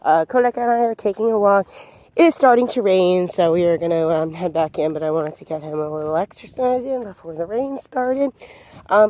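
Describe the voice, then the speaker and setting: Calm woman dog trainer outdoors. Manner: calm, low-key instructive talk with many fillers. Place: outdoors on a road while walking a dog. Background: passing vehicles.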